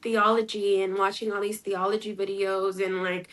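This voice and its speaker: This is a woman in her twenties being interviewed, chatting through a personal story full of "like" and acted-out quotes. Her medium-pitched, slightly bright voice shows little pitch movement and moves at normal speed, and the audio is poor.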